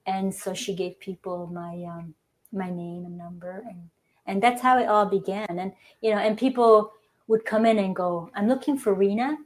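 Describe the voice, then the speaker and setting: A woman hairdresser recalls her early clients in a recorded interview clip. She tells it with animation, slipping into the voices of the people she quotes. Her speaking voice sits at a middle pitch. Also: moderate pace. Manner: animated storyteller acting out dialogue. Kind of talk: interview clip, personal storytelling.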